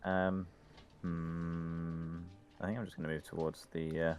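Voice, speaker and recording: A man's voice: low-pitched, level tone, measured pace, a little mellow, faint music behind. A man playing a tabletop game, pondering his moves aloud and unsure. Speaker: player. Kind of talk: casual tabletop game chat.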